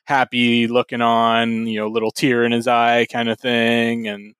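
Casting: mid-pitched man, smooth, resonant voice, dry close mic, thoughtful talk. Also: monotone, measured pace, a bit bright, no echo. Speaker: podcast co-host. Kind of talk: casual chat.

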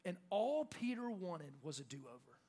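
Young male pastor, light high voice, lively sermon delivery with acted-out lines. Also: unhurried. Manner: animated, acts out shouted quotes.

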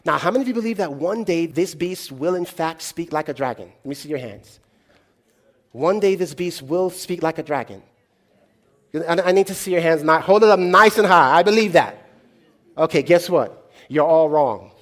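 A man preaching a sermon in a call-and-response style, swinging between loud exclamations and hushed, low delivery. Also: lively intonation, normal speed.

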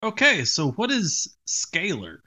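Lively bright man asking the questions. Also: high-pitched, slow pace. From Southern US. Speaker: podcast co-host asking the questions. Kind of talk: casual podcast chat.

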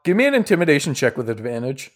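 A man running a tabletop game as game master, narrating in a relaxed, chuckling way with many fillers. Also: medium pitch, rapid-fire. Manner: laid-back, chuckling, lots of fillers.

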